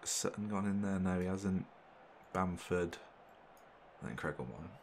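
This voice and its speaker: A young man commentating his football management game, excitable and exclaiming when things go his way. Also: low voice, a little slow, a little hiss or hum. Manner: excitable, swearing mildly in exclamations. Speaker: gaming channel host. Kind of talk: gameplay commentary.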